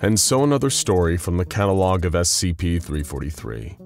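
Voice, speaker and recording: A man's voice: low-pitched, big pitch swings, a little fast, darkish tone. A man narrating a scripted story with dramatic storyteller pacing. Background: faint music.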